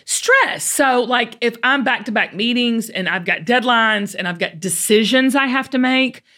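A woman from the American South with a Southern accent, hosting a podcast in an animated, folksy, chatty way. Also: on the high side, a little slow. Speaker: podcast host. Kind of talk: casual chat.

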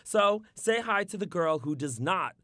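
A sassy young man with a nasal, bright, forceful voice that sits a touch high. He chats playfully on a podcast, recorded dry and close to the mic. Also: lively intonation, measured pace, no echo. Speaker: podcast co-host. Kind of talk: casual podcast chat.

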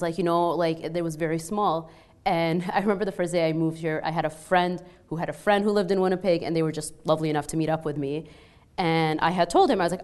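A woman's voice: fairly low pitch, steady tone, brisk, darkish tone. A young woman speaking as a panel guest, chatty and informal, with lots of "like" and "you know". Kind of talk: casual panel talk.

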